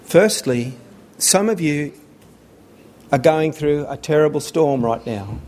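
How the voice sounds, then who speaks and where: A man's voice: on the high side, animated, slow pace, darkish tone. A man preaching a sermon, earnest and repeating phrases for emphasis.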